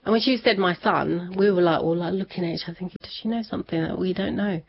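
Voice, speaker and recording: A woman's voice: on the low side, fast talker, creaky, husky. A woman telling a personal story in conversation, chatty, laughing often and acting out what people said. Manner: chatty, laughs often, acts out quoted voices. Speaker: interview guest. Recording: dull lo-fi sound.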